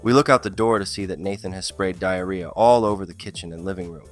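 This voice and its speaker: A man's voice: low-pitched, quick pace, soft background music. A man narrating funny stories in a scripted style, with a dry comic delivery that lifts on the punchlines. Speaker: storyteller.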